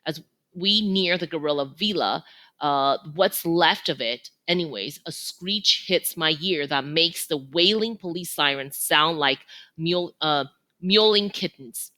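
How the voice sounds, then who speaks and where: A woman reading a children's novel aloud in an expressive, animated way. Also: deep voice, measured pace. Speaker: reader.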